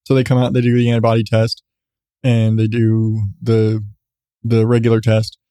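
A man's voice: medium pitch, completely flat delivery, moderate pace, warm tone, clear, resonant tone, no room sound, clean studio sound. A man, host of a podcast, telling a story in a rambling, self-mocking way with frequent restarts. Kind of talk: casual storytelling.

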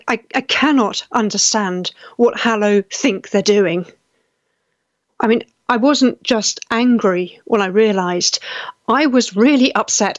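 A woman with a mid-range voice hosts a live talk show, reading viewer comments with indignation and frequently restarting her sentences in halting, casual live-stream commentary. The recording is dry and muffled.

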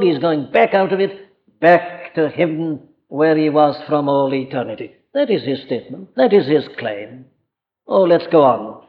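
A man's voice: fairly high pitch, expressive, unhurried, big-room sound. A man with a Welsh accent preaching a sermon, earnest and emphatic, speaking directly to his listeners. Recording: dull lo-fi archive recording.

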